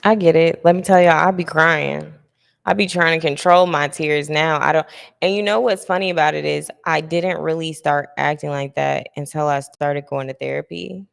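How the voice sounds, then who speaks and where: A young woman hosting a podcast, her voice low with a gravelly edge. She talks candidly and reflectively and laughs easily, and her smooth voice trails off into a long reverb. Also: fairly even intonation, normal speed. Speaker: podcast host. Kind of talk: casual podcast chat.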